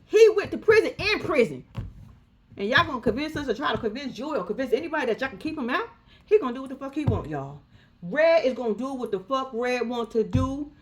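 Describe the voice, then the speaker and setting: Sassy, animated woman recapping reality TV. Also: high voice. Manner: sassy, profane, animated storytelling. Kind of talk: casual recap commentary.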